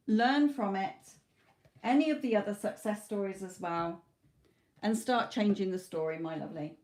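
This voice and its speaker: A woman's voice: medium pitch, darkish tone. A woman reading tarot on a live stream, close to a tablet mic, addressing viewers by name in a coaxing but firm way. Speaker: tarot reader. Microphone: tablet close to her mouth.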